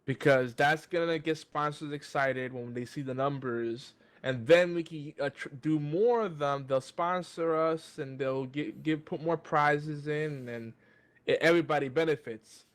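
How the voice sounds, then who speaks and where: A man's voice: fairly high pitch, unhurried. A man co-hosting a podcast over a video call, ranting in casual chat, swearing freely and stumbling through restarts. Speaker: podcast co-host. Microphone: joined by video call.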